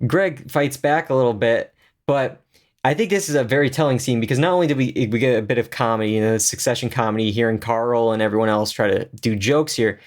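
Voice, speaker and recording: A man's voice: medium pitch, fairly quick. A man co-hosting a podcast, chatting casually and enthusiastically about a TV episode, with many fillers and restarts. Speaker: podcast co-host. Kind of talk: casual TV review chat.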